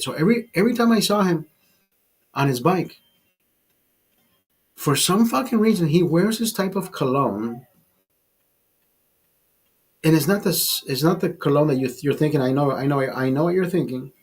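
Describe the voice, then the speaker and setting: A fifty-year-old man talks straight to the camera in a blunt, profane rant. His voice is husky and a little high for a man. He trips over words and repeats himself as he pushes his point. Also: lively intonation, moderate pace, long pauses. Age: 50s. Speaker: vlogger. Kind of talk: casual ranting monologue.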